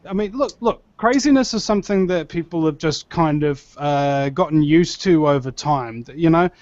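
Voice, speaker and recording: A man's voice: on the high side, moderate pace, a little mellow, no room sound, dull audio. A man joking sarcastically in a casual comedic podcast chat. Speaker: podcast co-host.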